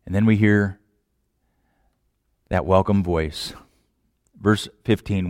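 A man preaching a sermon, asking rhetorical questions and swinging from hushed lines to loud, impassioned ones. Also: low voice, fairly even intonation, slow pace, no echo, clean studio sound. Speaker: pastor.

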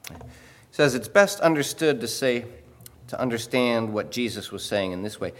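A man preaching a sermon in a conversational way, often pausing to ask "okay?" and repeating words as he explains. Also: mid-range voice, expressive. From Illinois. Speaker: pastor. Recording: long hall reverb.

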